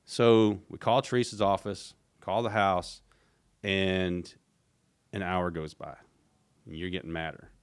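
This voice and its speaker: A middle-aged man, an interview guest recounting a story in a casual, animated way, acting out what others said. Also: low-pitched, a little slow, clear, resonant tone. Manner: animated retelling, acts out quoted voices, frequent restarts. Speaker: interview guest, former team executive.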